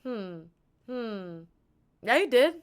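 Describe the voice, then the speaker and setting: A woman's voice: fairly high pitch, very animated, slow, clear, resonant tone. A young woman chatting casually on a live stream into an earbud mic, rambling and giggling in a playful way.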